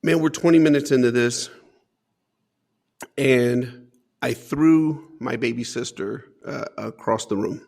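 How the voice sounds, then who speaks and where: A man's voice: mid-range voice, slow pace, gravelly, a little mellow. A man as an interview guest, earnestly recounting his life story with emphatic repetition.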